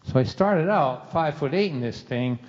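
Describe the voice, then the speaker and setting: A man's voice: a little high, lively intonation, moderate pace, a little mellow. A middle-aged man telling a comic story live, wry and self-mocking. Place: church hall venue. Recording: dull sound with long hall reverb.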